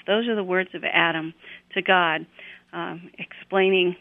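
A woman talks through a scripture passage on a radio program, unhurried and full of small restarts. Her voice comes through a thin, phone-like line with no room echo behind it. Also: fairly low pitch, fairly even intonation. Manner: unhurried, with frequent fillers and restarts. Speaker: Bible teacher on a radio program. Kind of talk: conversational scripture retelling.

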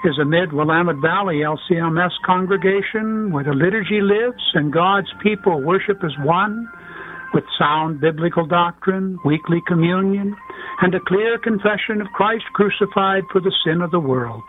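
A man's voice: sits high, moderate pace. A man reading a scripted church advertisement. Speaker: ad announcer. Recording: narrowband ad audio with faint music.

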